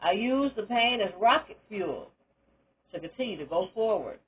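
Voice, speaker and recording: Older lady with a husky voice, talking straight and emphatic about her life, tinny phone-like sound. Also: mid-range voice, expressive, normal speed. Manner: candid, emphatic, preacherly encouragement. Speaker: retired teacher sharing her story. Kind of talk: personal testimony monologue.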